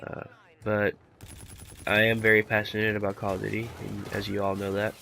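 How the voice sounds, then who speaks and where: A man's voice: lowish voice, completely flat delivery, moderate pace, gravelly, pushed and bright. A man doing casual commentary over his gameplay while sick, rambling laid-back with lots of fillers. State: sick, rough voice. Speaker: gaming commentator.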